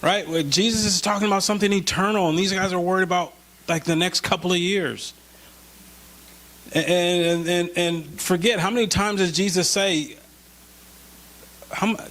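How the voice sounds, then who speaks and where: Man, pastor, high-pitched voice, casual sermon, slows for scripture, lifts when pleading. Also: a bit bright. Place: church.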